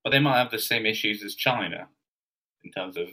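A man's voice: on the low side, a little fast, sharp tone, rough recording. A man co-hosting a podcast in casual chat, chiming in with brief replies. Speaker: podcast co-host.

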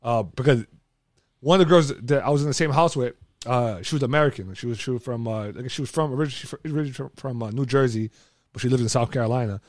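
A man's voice: medium pitch, fast, no room sound. Co-host, male, casual rambler with lots of restarts, dry close sound. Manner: rambling storyteller with many restarts and fillers. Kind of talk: casual chat.

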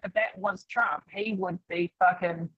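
A woman's voice: on the low side, fairly even intonation, a little slow, husky. A woman guest in a casual chat, rambling with many fillers. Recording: dull dry sound.

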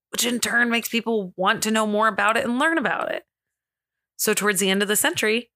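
A woman co-hosts a casual podcast, reading from her notes in a bright, forward voice. She giggles easily and teases herself when she trips over words. The sound is dry and close. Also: medium pitch, no echo. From America. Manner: giggly, self-deprecating, stumbles over reading. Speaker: podcast co-host.

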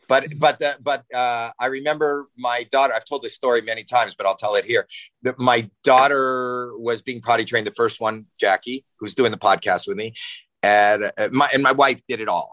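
A man in his sixties, a podcast guest telling a long, animated anecdote and acting out panic in it. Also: medium pitch, no room sound, low-quality recording. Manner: excitable, acts out panic and shouting in anecdotes. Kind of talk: animated storytelling.

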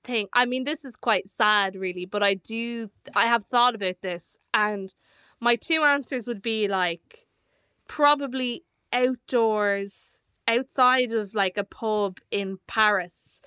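Irish girl chatting away as a guest, bright crisp voice, deadpan little stories, dry close mic. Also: fairly high pitch, slow pace, dry recording. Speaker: podcast guest, singer-songwriter. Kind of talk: casual chat.

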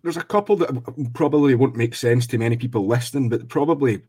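A Scottish man co-hosting a podcast, relaxed and reflective in casual chat. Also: medium pitch, brisk, husky. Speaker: podcast co-host.

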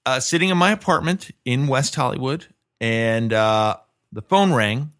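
A man's voice: mid-range voice, animated, unhurried, a bit bright. A middle-aged man hosting a podcast, telling a story in casual chat with lots of restarts and self-mocking asides. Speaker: podcast host.

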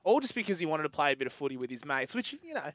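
A man's voice: a little high, big pitch swings, racing, fairly bright tone, dry recording. A man co-hosting a sports radio show, telling a rambling anecdote with laughs in a studio. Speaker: radio co-host. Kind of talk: casual sports radio chat.

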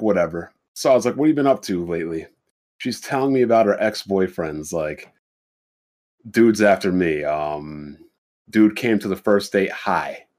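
A man's voice: lowish voice, a little mellow. A young adult man on a podcast telling a dating story in a blunt, profane, casual way, acting out both sides of the conversation in his own voice. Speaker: podcast host.

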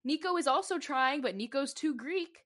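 A woman co-hosting a book podcast, lively and quick to laugh, reading a passage aloud. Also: high voice. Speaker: podcast co-host. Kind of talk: casual chat and reading aloud.

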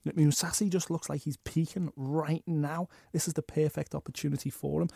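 Fast-talking sports podcast host. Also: male voice, fairly high pitch, vocal fry, husky, dry recording, studio quality. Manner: fast, animated, opinionated. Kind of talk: casual sports chat.

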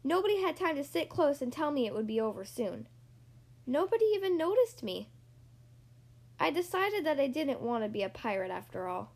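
A woman reading a children's storybook aloud in a lively, expressive way. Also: sits high, moderate pace. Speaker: storybook reader. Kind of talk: storybook read-aloud narration.

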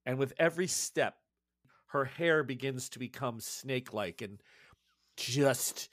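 A man narrating a tabletop horror game as game master, with dramatic, animated delivery. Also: medium pitch, unhurried, no echo, clean studio sound.

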